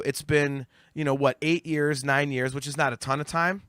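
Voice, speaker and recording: A man's voice: fairly high pitch, fairly even intonation, moderate pace, hardly any pauses, fairly bright tone, smooth, no echo, clean studio sound. A man in his forties, a podcast guest in casual discussion, ranting heatedly and profanely with many stammered restarts. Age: 40s.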